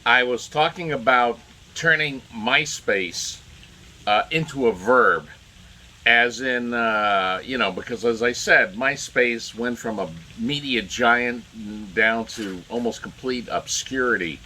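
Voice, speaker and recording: A man's voice: mid-range voice, takes it slowly, pushed and bright. A man giving indignant solo political commentary, rambling with many fillers and restarts.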